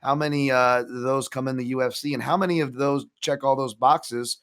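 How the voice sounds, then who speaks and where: A man's voice: medium pitch, steady tone, normal speed, a bit bright, smooth. A man co-hosting a betting show, analysing fights in casual chat with many restarts and asides. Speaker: co-host, MMA analyst.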